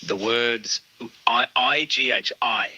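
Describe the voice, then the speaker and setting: A man's voice: mid-range voice, takes it slowly, sharp tone, breathy edge, muffled recording. A man with an Australian accent answering interview questions in an easygoing, self-deprecating way. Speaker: actor being interviewed.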